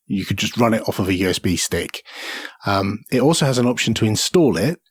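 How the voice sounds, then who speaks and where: Low guy with a bit of a husky voice, rambly and casual, dry room. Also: expressive, a little fast, no echo. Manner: rambling, with many fillers and restarts. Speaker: podcast co-host. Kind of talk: casual tech podcast chat.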